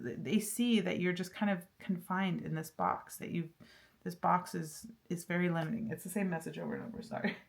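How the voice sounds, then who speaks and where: A woman's voice: lowish voice, gravelly, darkish tone. A woman giving a casual pick-a-card tarot reading, chatty and laughing often, with lots of fillers and restarts. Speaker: tarot reader.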